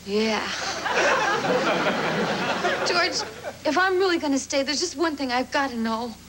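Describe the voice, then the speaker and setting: A woman's voice: high voice, sing-song, slow, a crowd in the background, background noise, heavily acted. An actress playing a former womanizer reborn as a frightened young woman, pleading and tearful by turns with wry jokes, in 1980s sitcom style. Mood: clingy. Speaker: sitcom lead. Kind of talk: 1980s television sitcom acting.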